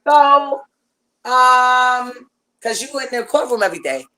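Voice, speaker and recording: Bright-voiced woman telling a story. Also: sits high, measured pace, slight background noise, low-quality recording. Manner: animated, rambling, lots of fillers and restarts. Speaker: guest. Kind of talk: casual storytelling chat.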